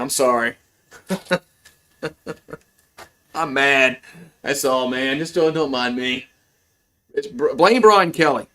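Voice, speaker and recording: A man's voice: slow pace, pauses often. A man calling a football game play-by-play on a livestream as a frustrated fan, rambling with restarts and now and then swearing, his voice jumping up on big plays. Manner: voice jumps high and loud on big plays. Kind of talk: casual play-by-play commentary.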